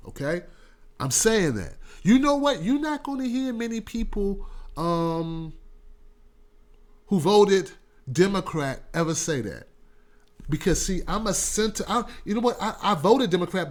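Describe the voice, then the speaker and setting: A male talk show host giving casual political commentary, animated and repetitive, often laughing. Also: high voice.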